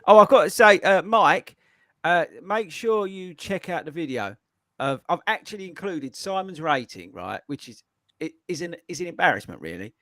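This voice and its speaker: A man, high-voiced and swooping all over as he tells a story and laughs his way through it. His voice is dry and close, with no room around it. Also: fairly bright tone, no room sound. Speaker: podcast host. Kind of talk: casual chat.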